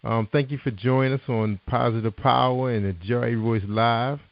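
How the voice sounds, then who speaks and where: A man's voice: mid-range voice, steady tone, normal speed, creaky, no room sound. A man hosting an internet radio show, upbeat and encouraging, with many ums and you-knows. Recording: muffled lo-fi sound.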